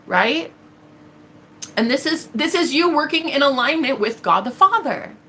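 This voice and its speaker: A woman's voice: sits high, expressive, unhurried, fairly bright tone, slight background noise. A woman hosting a tarot livestream, speaking bluntly and defiantly, with plenty of profanity and acted-out quotes. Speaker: tarot reader and livestream host. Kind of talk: casual livestream monologue.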